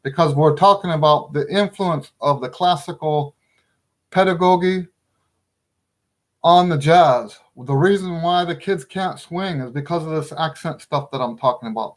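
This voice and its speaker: A man's voice: a little high, normal speed. A middle-aged man teaching trumpet in a casual video lesson, chatty and emphatic, laughing often as he explains.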